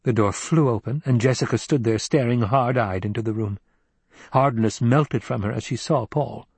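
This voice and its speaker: A man narrating a novel as an audiobook in an even, unhurried storytelling manner. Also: medium pitch, husky, dry recording. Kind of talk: scripted narration.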